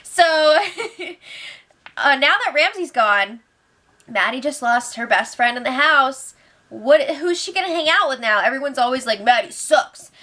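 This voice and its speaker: A woman's voice: high voice, lively intonation, unhurried, pushed and bright. A young woman hosting a casual recap show, chatty and sarcastic, laughing often and acting out what people said.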